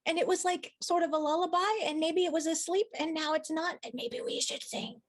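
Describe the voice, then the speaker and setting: High-voiced excitable woman player. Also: a little fast, slight background noise. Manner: excitable, playful. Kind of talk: tabletop role-play.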